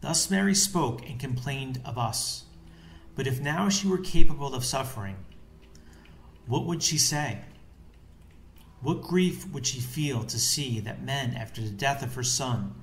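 A man giving a solemn, measured devotional reading, with a few phrases in Latin. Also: mid-range voice, lively intonation. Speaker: devotional reader. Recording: echoey room with faint background hiss.

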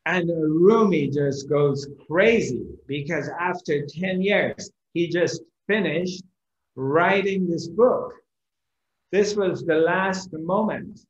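A spiritual teacher tells a parable slowly, leaning on long pauses. His voice sits a bit high for a man, and the recording sounds roomy and echoey. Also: dull audio. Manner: slow, dramatic storytelling with pauses. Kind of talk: storytelling discourse.

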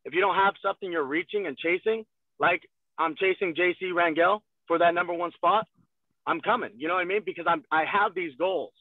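A man's voice: sits high, fairly quick, dry recording. A man on a sales call giving direct coaching advice and repeating his instructions. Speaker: guest sales leader. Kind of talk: motivational sales talk on a call. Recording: tinny, dry phone-like call audio.

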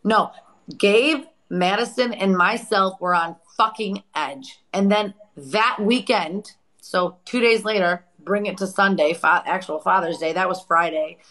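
A woman in her forties telling a painful personal story on a live chat, raw and profane, breaking into loud re-enacted outbursts. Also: medium pitch, measured pace, rough recording. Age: 40s.

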